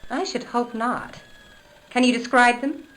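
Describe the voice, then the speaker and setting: A woman's voice: fairly high pitch, fairly even intonation, a little slow, a bit bright, rough recording. A woman playing a hassled, officious female clinic receptionist who speaks primly and dismissively.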